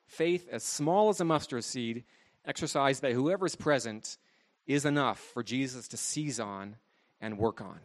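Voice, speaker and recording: A man's voice: medium pitch, measured pace. A man preaching a sermon, asking rhetorical questions and shifting his emphasis as he explains the text.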